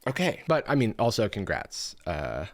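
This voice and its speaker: A man in his thirties hosting a commentary video, reading online posts aloud with sarcastic asides and jumping into high, mocking voices for the quotes. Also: wildly swooping pitch, normal speed.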